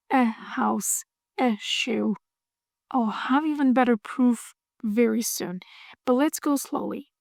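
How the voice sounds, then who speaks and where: Woman, language teacher, playful, repeats drills, slightly high, dry close mic. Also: gravelly, darkish tone, no room sound. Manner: playful, drills words slowly and repeats them. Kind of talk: scripted video lesson.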